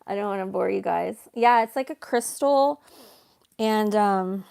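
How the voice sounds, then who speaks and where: A woman hosting a casual livestream, soft-spoken and chatty, reading viewer comments aloud. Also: mid-range voice, unhurried, gravelly, smooth. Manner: soft-spoken, chatty, baby-talks to her cat. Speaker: livestream host.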